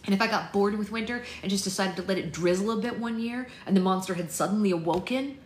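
A woman's voice: mid-range voice, quick pace, close to an everyday voice. A woman reading the lines of a blunt, fiery young witch who swears freely, in a roomy recording with faint noise. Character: fiery, sharp-tongued young witch daughter.

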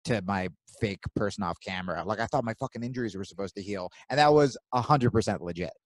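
A man from New Jersey co-hosting a podcast, telling animated stories with plenty of swearing and acting out his own inner voice. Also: on the low side, quick pace, dry recording. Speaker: podcast co-host. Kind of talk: casual chat.

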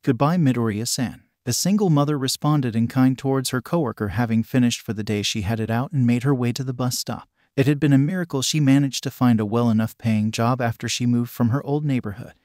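A man reading fan fiction aloud in an even, literal narration. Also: medium pitch, brisk, hardly any pauses, dry recording, clean studio sound. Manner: even, literal reading, reads out sound words.

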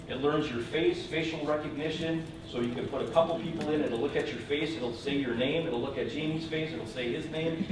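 Guy hyping classroom gadgets fast, far from the mic, big echoey room. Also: a little high, background noise. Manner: enthusiastic, fast-talking. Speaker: presenter. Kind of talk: quick demo talk. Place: museum event room.

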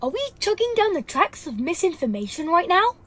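A woman doing a squeaky cartoon dinosaur. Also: big pitch swings, heavily acted. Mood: mock-dramatic. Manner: goofy, playful, quick meme delivery. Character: giggly cartoon dinosaur, silly and meme-crazy. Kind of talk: meme parody skits and rap covers. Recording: loud music bed behind the voice. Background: loud music.

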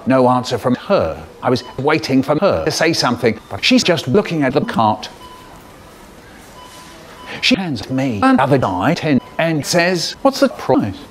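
A man's voice: medium pitch, big pitch swings, measured pace. A British man telling a wry, theatrical story about his work as a cashier. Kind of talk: anecdotal storytelling.

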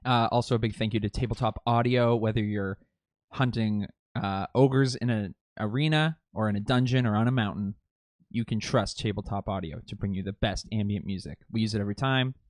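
A man's voice: lowish voice, a little fast, dry recording, studio quality. Easygoing guy at the game table, lots of uhs. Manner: laid-back, filler-heavy. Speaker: player. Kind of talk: casual chat.

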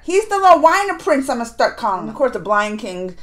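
A woman hosting a review channel, recapping episodes to viewers in a chatty, animated way and acting out characters' lines. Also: fairly high pitch, quick pace. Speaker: reaction and review channel host. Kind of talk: casual recap chat to viewers.

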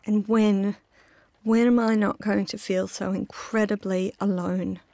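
A woman's voice: mid-range voice, flat delivery, measured pace, dark tone, no room sound. A middle-aged woman narrating her own memoir in a reflective, intimate first-person telling.

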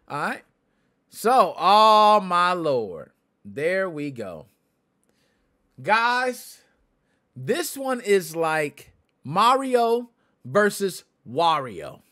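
Male gaming podcast host, casual chat with viewers, higher-pitched, very animated delivery. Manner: chatty, addresses viewers directly, answers chat.

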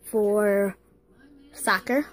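A young woman from Wisconsin, a vlogger rambling casually and excitably while a bit sick, filming on her phone at home and out on the porch. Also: medium pitch, very slow. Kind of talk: casual vlog chat. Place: home, then outdoors on a porch in snow. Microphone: handheld phone.

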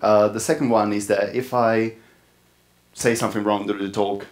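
A man's voice: on the low side, flat delivery, moderate pace. A man from Italy with an Italian accent, speaking at a conference in an informal way with frequent fillers. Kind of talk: tech conference talk.

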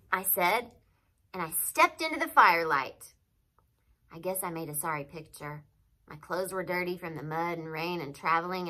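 A woman reads a novel aloud with expressive, lively storytelling. Her tone is bright and crisp. She sounds like a teacher who stops now and then to name a figure of speech. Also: fairly low pitch, rough recording.

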